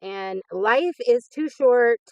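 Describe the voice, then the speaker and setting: A woman's voice: fairly high pitch, lively intonation, slow pace, no room sound, muffled recording. A woman in her fifties hosting a crafting channel, gushing with enthusiasm as she opens happy mail in casual chat. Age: 50s. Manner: gushing and enthusiastic, frequent laughs.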